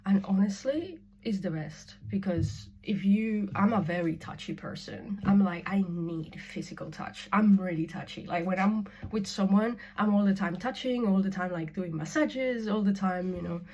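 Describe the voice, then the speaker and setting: A woman's voice: medium pitch, normal speed, few pauses, a little hiss or hum. A young woman from Spain talking frankly to camera in a casual vlog, swearing freely and dropping to whispers. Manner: frank and sweary, laughing often, swinging from loud to whispered. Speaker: spiritual vlogger. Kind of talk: candid casual monologue.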